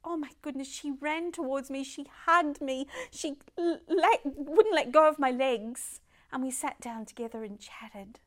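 Older woman, high voice, emphatic devotional speaker who slips into whispers and piles up words of praise. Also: a little slow. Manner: emphatic, often drops to a soft whisper. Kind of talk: devotional talk.

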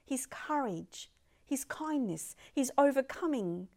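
An older woman giving an emphatic devotional talk, sometimes dropping her voice to a soft whisper. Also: high-pitched, slow. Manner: expressive, piles up words of praise. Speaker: Christian devotional speaker.

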